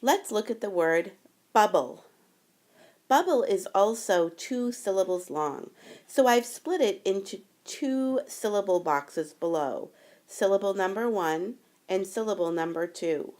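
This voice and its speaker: A woman talks through a phonics screencast lesson at an unhurried pace. She explains each step carefully, in a voice that sits at a middle pitch. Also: expressive, darkish tone. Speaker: teacher.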